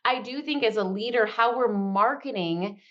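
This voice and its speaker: A woman's voice: on the high side, dull audio. A woman coach leading a group call in a casual, upbeat way, acting out little quotes as she talks. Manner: upbeat, talks in quick bursts, acts out quotes. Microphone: video call.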